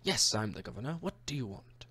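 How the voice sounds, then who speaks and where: A man voicing a bargaining male town governor in a video game, reading the character's dialogue in a gruff, haggling way. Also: medium pitch, sing-song, a little fast, sharp tone, full character voice.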